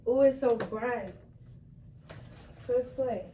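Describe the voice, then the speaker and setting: Excitable high-voiced woman vlogger. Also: extremely slow, far from the mic, a little hiss or hum, low-quality recording. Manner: excitable, chatty. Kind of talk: casual chat.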